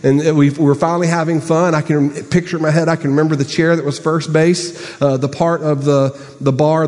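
A man preaching a sermon, telling a story with sudden high bursts and hushed asides. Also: big-room sound. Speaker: pastor.

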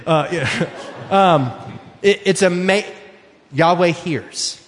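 A male pastor in his thirties delivers an earnest, conversational sermon with a fairly high voice. He slows right down on the words he wants to land. The sound rings with a long hall reverb. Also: a bit bright, slight background noise. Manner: earnest, conversational preaching with slowed emphasis. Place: church sanctuary.

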